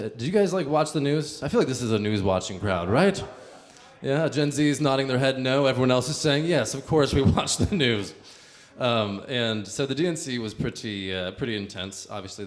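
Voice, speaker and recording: A young man, a comedian, telling a rambling story to a live audience in a casual, chatty way with lots of fillers. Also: fairly low pitch.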